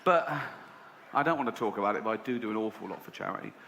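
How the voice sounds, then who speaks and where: An English man doing stand-up, telling a story in a sardonic way and jumping up in pitch when he voices other people. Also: animated, fast talker, vocal fry, a crowd in the background. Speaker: stand-up comedian. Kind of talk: stand-up routine. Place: large live venue. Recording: roomy live venue with audience noise.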